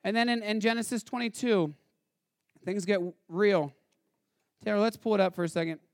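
A man delivers a sermon in a fairly high voice, retelling a Bible story in casual, animated fashion and slipping into the characters' voices. The sound is close and dry, with no room echo. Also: moderate pace. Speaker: pastor.

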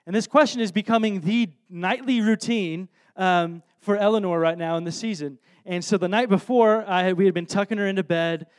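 A man with a notably high voice tells a story from the pulpit, animated and self-deprecating. He keeps restarting his sentences as he goes, in his thirties and at ease with the crowd. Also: fairly quick, hardly any pauses. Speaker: preacher. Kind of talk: anecdotal sermon storytelling.

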